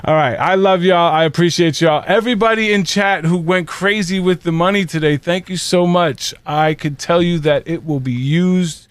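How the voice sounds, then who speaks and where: A man's voice: high-pitched, normal speed, hardly any pauses, smooth, no room sound. A man hosting a casual live-streamed talk show, laughing often and thanking his guests and chat. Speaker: host.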